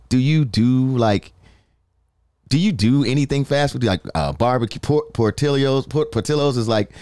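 Man, radio host, lively pitch, dry close studio mic, playful banter. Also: clean tone, no echo. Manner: lively, laughing, playful impressions.

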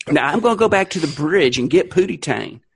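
A man's voice: fairly high pitch, vocal fry, background noise. A man doing a drawling Southern preacher tailor. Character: pompous Southern-preacher alien tailor, male adult. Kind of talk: podcast comic impression.

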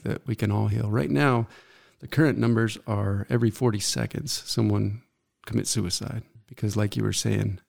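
A middle-aged man, an interview guest, tells his own story in an earnest, halting way, often stopping to reflect. His voice is fairly low, gravelly and mellow.

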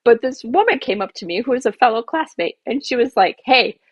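A woman's voice: fairly high pitch, animated, fairly quick, breathy edge, dry recording. A woman, a garden designer and podcast guest, telling an emotional personal story with many asides.

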